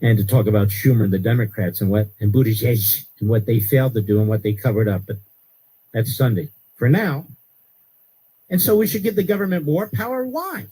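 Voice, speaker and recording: A man hosting a talk radio show, delivering an emphatic political commentary monologue that rises to sharp outbursts. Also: fairly quick, husky, poor audio. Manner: emphatic, rising to sharp high-pitched outbursts.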